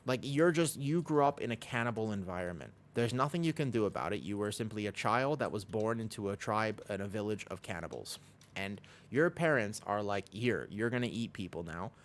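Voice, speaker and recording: A man's voice: lowish voice, animated, brisk. A man streaming a game, chatting casually with viewers in a rambling way. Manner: rambling, lots of "like" fillers. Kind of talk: casual livestream chat.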